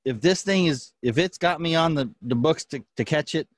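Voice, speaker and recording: Rambling, laughing podcast host, dry sound. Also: male voice, on the high side, moderate pace, no echo. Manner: rambling, laughs often, restarts sentences. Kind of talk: casual chat.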